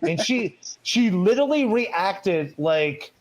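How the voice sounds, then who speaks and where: A man's voice: sits high, lively intonation, takes it slowly. A man telling rambling, profane anecdotes in a casual podcast chat, with lots of fillers and restarts.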